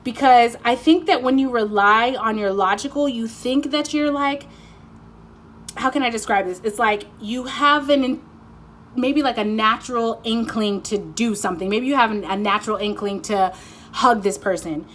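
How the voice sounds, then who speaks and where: A woman's voice: on the high side, normal speed, a little hiss or hum. Chatty, giddy woman reading tarot. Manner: chatty, rambling, swears freely; talkative, excited and giddy. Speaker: tarot card reader. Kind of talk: casual pick-a-card tarot reading.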